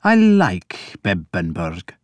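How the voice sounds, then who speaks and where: A man voicing a bold, loud Danish warlord who talks bluntly, teasing and threatening in turn. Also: sits low, wildly swooping pitch, slow pace, no echo, heavily acted. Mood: gruff teasing.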